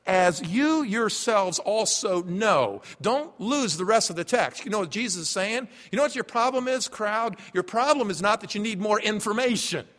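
A man preaching a sermon as pastor, emphatic, dropping to a hush and then rising loud. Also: high voice, animated, a little fast, hardly any pauses. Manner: emphatic, swings from hushed to loud. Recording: long reverb of a large hall.

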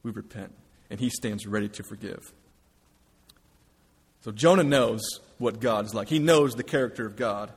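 Husky preaching man in a reverberant hall. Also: lowish voice, moderate pace. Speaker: pastor. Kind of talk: sermon.

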